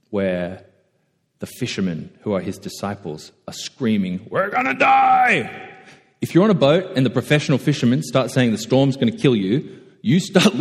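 Low husky man preaching in echoey hall. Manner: conversational, self-deprecating, animated storytelling. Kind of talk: sermon.

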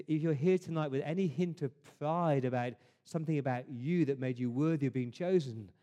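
A man's voice: medium pitch, warm tone. A man preaching a sermon to his congregation, earnest, often restarting words and asking rhetorical questions. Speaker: pastor. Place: church service.

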